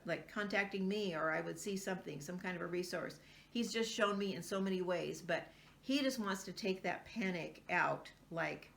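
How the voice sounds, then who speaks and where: A woman's voice: on the low side, vocal fry, fairly bright tone, a little hiss or hum. An older woman sharing personal faith stories in a casual, earnest monologue, with frequent ums. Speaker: homeschooling vlogger.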